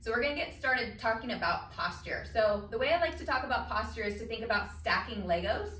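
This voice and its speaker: A woman instructor calmly guiding a chair Pilates workout, cueing each breath and movement step by step. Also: on the high side, fairly quick, a little hiss or hum. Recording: echoey room, mic at a distance.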